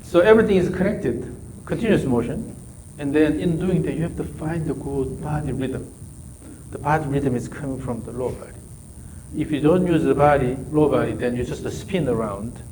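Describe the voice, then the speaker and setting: A man's voice: fairly high pitch, moderate pace, noisy background. A man whose first language is Korean, coaching a golf student with short, repeated instructions. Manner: short repeated instructions, non-native phrasing. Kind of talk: coaching a student during practice.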